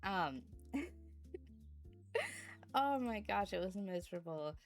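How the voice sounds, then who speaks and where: A woman's voice: mid-range voice, expressive, slow pace, soft background music. A young adult woman streamer chatting casually about a sleepless night, laughing often and breaking into bursts of mock outrage, sleepy and yawning. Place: indoors at home.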